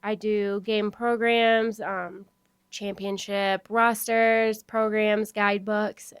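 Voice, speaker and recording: A woman's voice: medium pitch, flat delivery, slow pace, smooth. A young woman co-hosting a live college sports radio show, upbeat, giggly and easygoing. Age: young adult. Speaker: radio co-host and sports intern. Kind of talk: live campus radio banter.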